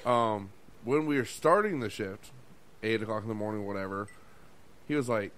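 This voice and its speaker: A man's voice: lowish voice, moderate pace, pauses often, a bit bright, a little hiss or hum. A man co-hosting a podcast, telling a restaurant story in casual chat, swearing often, laughing, and acting out what people said. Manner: profane, laughing, acts out quotes. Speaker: podcast co-host.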